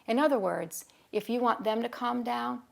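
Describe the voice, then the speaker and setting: A woman's voice: a little high, normal speed, creaky. A middle-aged woman, a school behavior consultant, explains classroom self-regulation in a conversational teaching video and acts out dialogue from her anecdotes. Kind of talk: talking-head teaching video.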